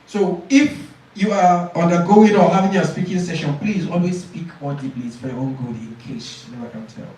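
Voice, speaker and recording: A man's voice: sits high, normal speed, hardly any pauses, a little mellow. Echoey, distant male IELTS coach. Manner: repeats phrases, asks "Do you understand?". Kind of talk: teaching a class, modelling exam answers. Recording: very echoey room, speaker far from mic.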